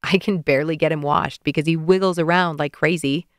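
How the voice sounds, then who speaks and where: Picture a woman reading an audiobook, doing a gentle young man in love, his voice pitched a touch lower than hers and kept soft and hushed. He sounds tired but sincere. The recording is close and completely dry. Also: fairly even intonation, brisk, clean tone, dry recording, natural voice. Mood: easy. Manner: soft, low-key and hushed.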